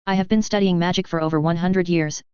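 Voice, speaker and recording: A wise, very old wizard headmaster in a storybook reading, as a woman narrator puts him on. He speaks in a measured, courteous way, with a clear voice pitched a little low. The recording sounds a bit dull. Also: fairly even intonation, darkish tone, no echo, lightly acted.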